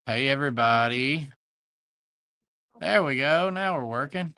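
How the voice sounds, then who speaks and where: A man's voice: medium pitch, animated, a little slow, bright, forceful tone, clean tone, no room sound. Southern US man, livestream sale host, folksy and chatty, dry close sound. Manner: folksy, chatty, greets viewers by name. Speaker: host of a live online antique sale. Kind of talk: livestream chat, reading viewer comments.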